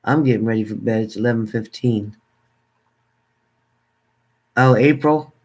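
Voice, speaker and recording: A man's voice: on the low side, measured pace, a little mellow. Older male livestream host, chatty and familiar, reads viewer names off and thanks each one. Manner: chatty, thanks viewers by name, calls them hon. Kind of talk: casual livestream chat with viewers.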